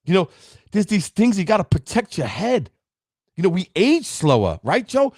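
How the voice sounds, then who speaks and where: A man's voice: high voice, wildly swooping pitch, normal speed, a little mellow, slightly rough, dry recording, clean studio sound. A man, giving an emphatic, preachy motivational talk as a podcast host and speaking straight to his listeners. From Brooklyn, New York. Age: 50s.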